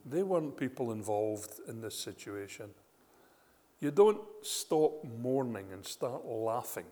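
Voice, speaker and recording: A man preaching a sermon, retelling scripture with animated storytelling and frequent rhetorical questions. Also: mid-range voice, slow pace, big-room sound.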